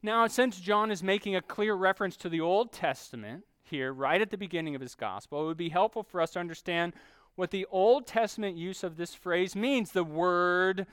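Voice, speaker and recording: A man preaching a sermon, teaching steadily and slowing down to stress key phrases. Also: high voice, a bit bright, clear, resonant tone, dry recording. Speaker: pastor.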